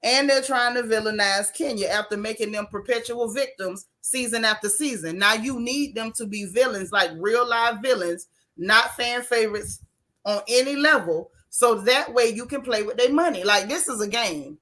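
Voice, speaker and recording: Bright-voiced chatty woman host. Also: a little high, moderate pace. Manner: animated, chatty and blunt, with casual Southern-style grammar. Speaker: host of a reality TV recap channel. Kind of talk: casual live-stream commentary reading viewer chats.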